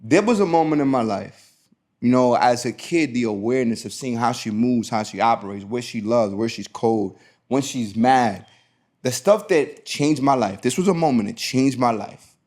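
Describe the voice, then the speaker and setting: A man hosting a podcast, telling a personal story in casual chat, lively and quick to act out what others said. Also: medium pitch. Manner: animated storytelling, acting out quotes. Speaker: podcast host.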